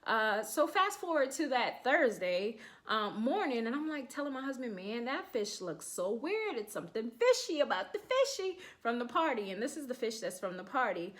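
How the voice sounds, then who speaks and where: Host: woman in her thirties, relaxed anecdotal delivery, acts out dialogue with laughs. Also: fairly high pitch, moderate pace, hardly any pauses. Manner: chatty, laughing, acts out quotes. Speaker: podcast host. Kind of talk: casual storytelling.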